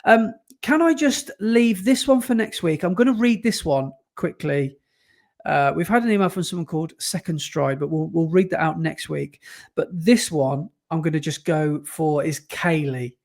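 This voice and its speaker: A man with a notably high voice hosts a casual podcast. He reads listener emails aloud in an animated way and breaks into laughter often. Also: normal speed, creaky. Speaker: podcast co-host.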